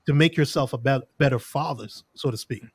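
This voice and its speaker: A man's voice: mid-range voice, brisk, vocal fry, breathy edge, no echo. A man, a podcast guest telling stories in earnest, casual conversation. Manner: earnest storytelling with lots of "like" and quoted asides.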